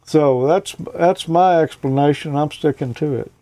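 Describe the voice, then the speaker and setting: Relaxed, folksy radio show host man. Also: fairly high pitch, a little slow, no echo. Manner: relaxed, folksy, plenty of "you know" and "uh". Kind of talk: casual technical explanation.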